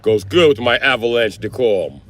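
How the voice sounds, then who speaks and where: A man's voice: medium pitch, animated, moderate pace, over music. A man who works as a mechanic, chatting casually and profanely on a livestream, joking around.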